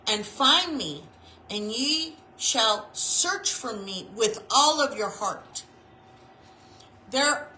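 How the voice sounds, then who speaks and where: Frank, bright-voiced woman preaching in an echoey room. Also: mid-range voice. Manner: conversational storytelling, frank, repeats phrases. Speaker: chaplain and reverend. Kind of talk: informal sermon. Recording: echoey room with faint noise.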